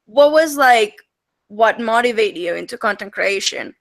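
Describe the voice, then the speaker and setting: A young woman with a Mexican accent hosting a casual video-call chat, animated and laughing often between her words. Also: a little high, unhurried, gravelly. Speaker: host.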